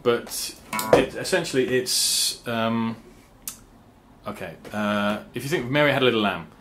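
A man talking casually to his viewers about songwriting, halting with fillers and restarts, and now and then humming rhythm syllables. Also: mid-range voice, fairly bright tone, soft background music. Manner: sings rhythm syllables to explain meter. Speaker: songwriter and channel host. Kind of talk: casual talk to camera.

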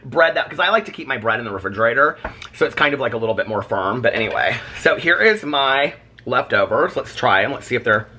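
A man vlogging in his home kitchen, chatting in a rambling, animated way and laughing often. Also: mid-range voice, fast talker, slight background noise. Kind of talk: casual chat.

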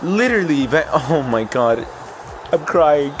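A young man giving excited live commentary while playing a football video game, cheering his players and laughing often. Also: on the high side, unhurried, background noise. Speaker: gaming YouTuber.

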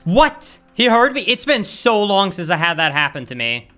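A high-pitched, bright young man talking over his own speedrun, excitable and quick to exclaim. His voice is sharp and forward, and faint game music plays underneath. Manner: excitable, exclaims often, says "dude" a lot. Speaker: speedrun streamer. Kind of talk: live gameplay commentary.

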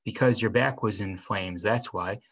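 A man reading the lines of a kindly grown man who calmly reassures a hurt teenager. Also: fairly low pitch, moderate pace, husky, low-quality recording. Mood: explaining.

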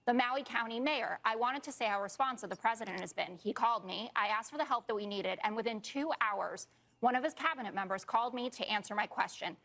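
A woman's voice: on the high side, fairly quick, a bit bright. A woman commentator in a heated cable-news debate, pressing her point over interruptions.

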